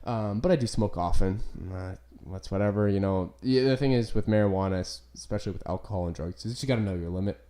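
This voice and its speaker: A young man hosts a laid-back podcast, his voice low in brightness and warm. He rambles loosely, swears freely and leans on "like" between thoughts. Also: fast, hardly any pauses. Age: young adult. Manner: rambling, profane, full of "like" fillers. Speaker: podcast host. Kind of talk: casual chat.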